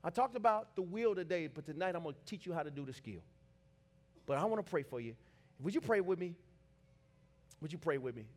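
A man preaching a sermon, telling a dramatic story that builds to shouted climaxes. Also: on the high side, expressive, fairly quick, pauses often.

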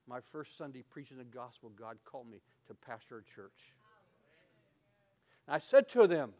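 A man preaching a sermon as pastor, telling stories and swinging from loud to quiet. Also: medium pitch, normal speed, long pauses.

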